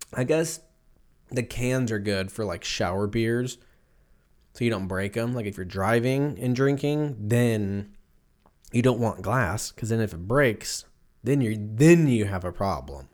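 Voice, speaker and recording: A man's voice: on the low side, lively intonation, slow pace, pauses often, a little mellow. A man in his thirties hosting a solo podcast, rambling casually with loose, profane, jokey storytelling while drinking a beer. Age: 30s. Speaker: podcast host.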